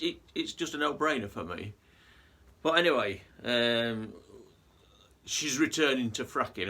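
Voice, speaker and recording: A man's voice: medium pitch, sharp tone. A man vlogging in a casual monologue, earnest and rambling with frequent restarts.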